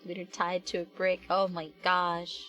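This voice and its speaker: A woman's voice: fairly low pitch, monotone, unhurried, fairly bright tone, soft background music. A young adult woman chatting casually on a live stream while she works, rambling with lots of fillers and restarts and answering her chat.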